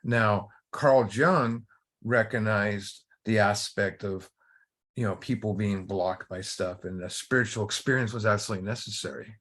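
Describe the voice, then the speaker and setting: Low-voiced man hosting a recovery study. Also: normal speed, fairly bright tone. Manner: conversational, repeats words, restarts often. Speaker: recovery study group host. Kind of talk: casual spoken teaching with a story.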